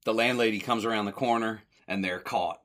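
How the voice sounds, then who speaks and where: A man's voice: fairly low pitch, steady tone, fairly quick, a bit bright. A man hosting a podcast, casually retelling an old comedy short, rambling a little, correcting himself and chuckling often. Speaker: podcast host.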